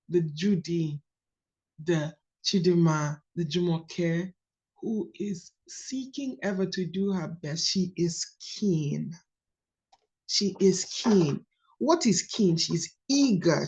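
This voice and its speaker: A woman's voice: fairly low pitch, expressive, slow, a little mellow. A woman leading a book study coaching call, repeating key phrases for emphasis.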